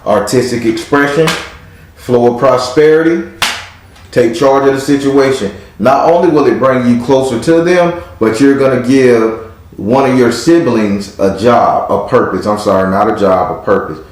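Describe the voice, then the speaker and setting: A man's voice: medium pitch, moderate pace, slight background noise. Male tarot reader, brash and profane, mid-range voice, very echoey recording. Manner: blunt, profane and hyped up. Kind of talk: live tarot reading. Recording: very echoey room.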